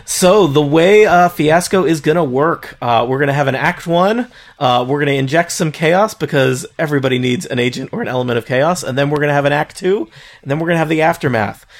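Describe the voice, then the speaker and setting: A man's voice: fairly high pitch, brisk. A man hosting a tabletop role-play podcast as game master, explaining rules in a chatty way. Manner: chatty, many fillers and restarts.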